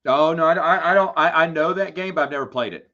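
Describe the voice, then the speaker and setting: A man hosting a live Q&A stream, chatting casually and telling lively, playful stories to viewers. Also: fairly high pitch, fast. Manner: animated storytelling, lively and playful. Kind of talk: casual livestream chat. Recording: dull lo-fi stream audio.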